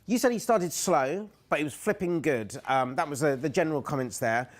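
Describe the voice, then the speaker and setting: A man hosts a comedy game show with upbeat, playful patter. His voice sits a little high for a man. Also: animated, fairly quick.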